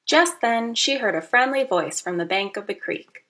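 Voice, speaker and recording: A woman reading a children's picture book aloud, with a bright, clear tone and a fairly high voice. Her pitch rises and falls widely as she plays up each line. She adds playful asides to young listeners. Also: normal speed, hardly any pauses. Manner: expressive, playful, teacherly asides. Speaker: narrator. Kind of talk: children's storybook narration.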